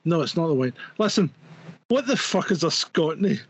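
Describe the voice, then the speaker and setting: A man's voice: fairly high pitch, expressive, moderate pace, breathy edge, no room sound, low-quality recording. A man co-hosting a live stream, talking bluntly and swearing in casual chat. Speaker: co-host.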